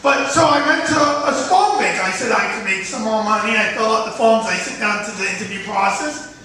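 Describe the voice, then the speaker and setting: A man doing a stand-up comedy set on a club stage, with an unusual high, thin voice and crude, self-mocking jokes. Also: fairly quick, sharp tone. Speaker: stand-up comic. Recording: echoey club from far off, faint hiss.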